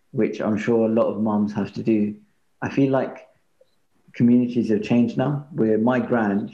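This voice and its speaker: Male podcast host, low warm tone, gentle and reflective; echoey, muffled recording. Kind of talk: casual interview chat. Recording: roomy, dull-sounding.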